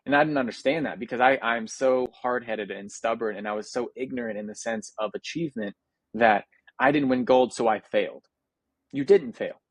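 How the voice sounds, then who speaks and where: A young American man, a Paralympic athlete, is a guest in a casual interview and speaks reflectively and earnestly with frequent restarts and fillers. He has a medium-pitched voice at a moderate pace, recorded dry.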